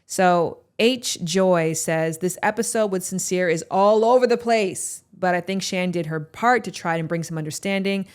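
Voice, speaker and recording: A woman's voice: on the low side, normal speed, few pauses, clean tone. A woman hosting a podcast, talking candidly and reflectively to her listeners. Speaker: podcast host. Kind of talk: solo podcast talk reading listener reviews.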